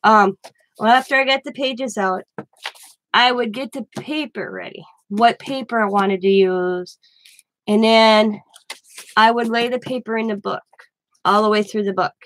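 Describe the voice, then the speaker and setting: A woman's voice: fairly high pitch, fairly even intonation, a little slow, long pauses, fairly bright tone. A woman hosting a casual crafting livestream from home, chatting with viewers by name and often restarting her sentences. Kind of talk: casual live-stream chat.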